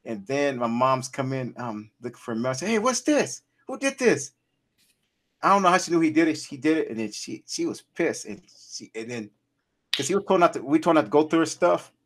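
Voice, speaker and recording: Animated swearing man telling stories. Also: medium pitch, fast talker. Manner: animated storyteller, laughs often, swears freely. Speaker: podcast co-host. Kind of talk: casual chat.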